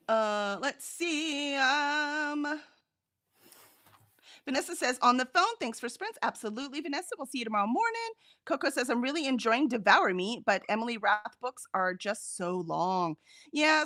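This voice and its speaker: Woman, host, casual chat, reads viewer comments aloud, high bright voice, dry close sound. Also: brisk, no echo. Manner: animated, chatty, laughs often. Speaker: co-host of a reading sprint stream.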